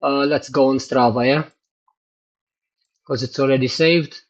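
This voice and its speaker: A man chatting excitedly to his livestream viewers about his cycling race results, exclaiming often. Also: mid-range voice, unhurried, muffled recording. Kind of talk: casual livestream chat.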